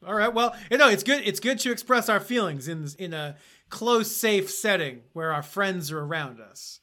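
A man's voice: sits high, lively intonation, moderate pace, sharp tone. A man acting as game master in a casual tabletop game, playful and chatty. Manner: playful, chatty, hesitant restarts.

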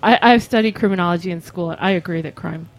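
A woman's voice: on the low side, fast. Woman radio co-host, from Rochester, playful interviewer. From Rochester, New York. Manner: playful, teasing questions. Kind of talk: casual chat.

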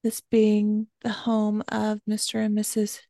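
A woman's voice: mid-range voice, completely flat delivery, unhurried, creaky, mellow, no room sound, studio quality. A woman who grew up in Georgia and southern Maryland, co-hosting a podcast with playful, joking banter. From Georgia and southern Maryland, USA. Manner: playful, jokey, presents the research. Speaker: podcast co-host. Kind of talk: casual chat.

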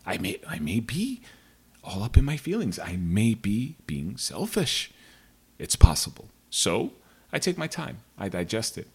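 Man with a low husky voice. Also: huge pitch swings, measured pace, darkish tone. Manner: rambling, digressive, frank. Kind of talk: casual storytelling monologue.

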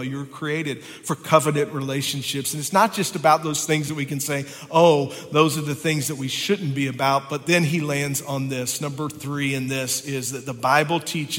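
A man's voice: a little high, fairly even intonation, moderate pace, hardly any pauses, fairly bright tone. A male pastor preaching a sermon in a church, building with passion and often repeating words as he goes. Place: church sanctuary. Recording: long reverb of a church hall.

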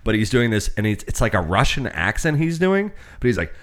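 A man's voice: medium pitch, sing-song, brisk, fairly bright tone. A young man co-hosting a casual chat, telling a rambling, profane story full of fillers. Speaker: podcast co-host.

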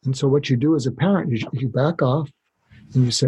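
A man speaking as a doctor guest on a podcast interview, explaining calmly and acting out short exchanges to demonstrate. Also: mid-range voice, fairly quick, gravelly, husky, rough recording. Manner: calm, explanatory, demonstrates dialogue.

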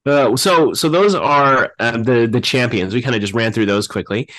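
A man's voice: medium pitch, moderate pace, a bit bright, rough recording. Easygoing man in podcast chat. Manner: easygoing, opinionated, with frequent agreeing murmurs. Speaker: podcast co-host.

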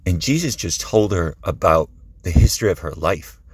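A man's voice: low-pitched, lively intonation, normal speed, slightly rough. A man preaching a sermon who retells a Bible story in a conversational, vivid way.

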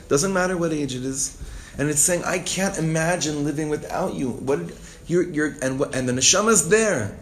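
A man teaching a Torah class, reading Hebrew lines and explaining them with strong emotion. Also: slight background noise. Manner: reads Hebrew text, then translates and explains with emotion; expressive, rises in pitch and volume when stirred. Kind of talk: text-based Torah class.

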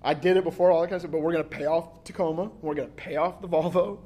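A man with a fairly high voice gives a church sermon in a loose, conversational way. He jokes often and acts out little exchanges of dialogue as he goes. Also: steady tone, racing, dark tone. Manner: casual, joking delivery with acted-out quotes and frequent 'like'. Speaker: pastor.

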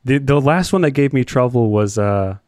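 A man's voice: mid-range voice, expressive, moderate pace, darkish tone, dry recording, studio quality. A man co-hosting a podcast, earnestly telling a self-deprecating story in casual chat. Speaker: podcast co-host.

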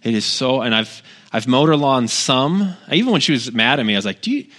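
A middle-aged pastor giving a casual, conversational sermon, telling personal stories with wry humor and lots of asides. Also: male voice, medium pitch, lively intonation, fairly quick, fairly bright tone.

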